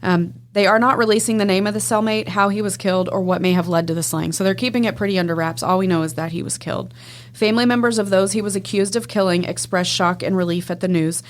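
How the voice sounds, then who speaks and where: A woman's voice: mid-range voice, fairly even intonation, fast talker. A woman from Texas co-hosting a crime podcast, reading news items aloud and chatting about them. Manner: conversational, reads news items aloud and comments. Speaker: podcast co-host. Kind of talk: casual chat, reading news headlines.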